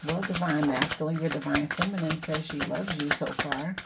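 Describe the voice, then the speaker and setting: A woman hosting an oracle card reading, talking softly and gently and admitting the cards make her emotional. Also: deep voice, unhurried, gravelly. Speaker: tarot reader. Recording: loud background noise.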